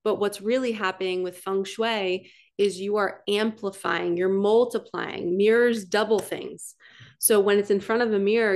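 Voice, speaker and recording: A woman giving a casual, excitable oracle card reading as a spiritual coach, chatty with gasps of wonder. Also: medium pitch. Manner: chatty and excitable, frequent laughs and gasps, quick then drawn-out.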